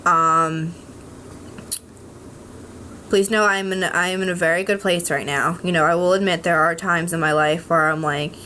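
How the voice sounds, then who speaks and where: This home vlog features a young adult woman with a lowish, sharp-toned voice and fairly even intonation, speaking at a normal pace. She chats frankly to camera, rambling with frequent ums, false starts and blunt swearing, against a faint hiss or hum.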